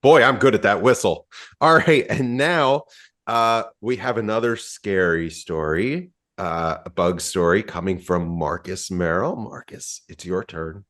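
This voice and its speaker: A man with a very deep voice hosts a relaxed panel discussion. He jokes around as he moves from one guest to the next. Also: a little slow. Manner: playful, jokey. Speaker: podcast host. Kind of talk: hosting a casual panel.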